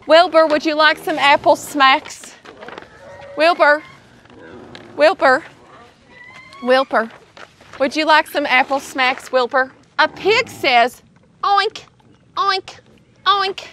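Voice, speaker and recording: Cheerful kids' show host, woman, high voice, outdoors at a sanctuary, faint animals behind. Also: slow pace, long pauses, fairly bright tone, a little hiss or hum. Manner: cheerful, sing-song, addresses viewers as "y'all". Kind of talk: children's educational presenting.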